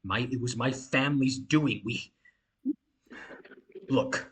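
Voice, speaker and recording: A man's voice: mid-range voice, slow pace, close to an everyday voice. A man voicing a defensive young male lord who speaks hesitantly with restarts.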